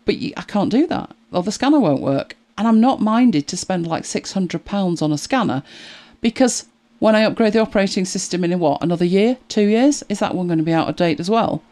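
A middle-aged woman chatting to camera as a video creator, animated and exasperated, laughing at herself. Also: medium pitch, brisk. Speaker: YouTube creator. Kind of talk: casual chat to camera.

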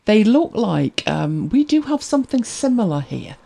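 Woman host, wry and chatty, animated pitch, relaxed storyteller. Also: normal speed, gravelly. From Britain. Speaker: livestream host reading viewer comments. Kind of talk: casual chat.

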